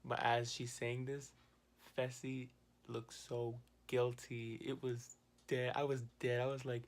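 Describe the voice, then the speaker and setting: This is a man talking straight to his viewers in a casual, chatty recap of a reality show. He is animated and exclaiming, and he laughs at the drama he describes. His pitch sits in the middle of the range for a man. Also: slow pace. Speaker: TV recap vlogger. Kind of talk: casual commentary.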